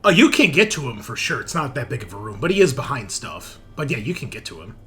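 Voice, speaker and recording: A man's voice: mid-range voice, very animated, fast, sharp tone. A man narrating as game master of a tabletop game, casual, joking and profane.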